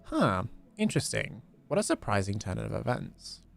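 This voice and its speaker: A calm older male mentor, read aloud by a man who is explaining things in a plain, even way. The voice is gravelly and moves around in pitch. Soft game music plays in the background. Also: normal speed, full character voice.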